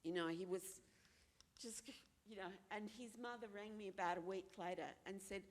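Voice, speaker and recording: A woman's voice: mid-range voice, steady tone, normal speed, big-room sound. An Australian woman speaking frankly and earnestly at a forum, repeating phrases for emphasis and acting out the voices of people she quotes. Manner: acts out other people's voices when quoting. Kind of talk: candid personal talk at a forum.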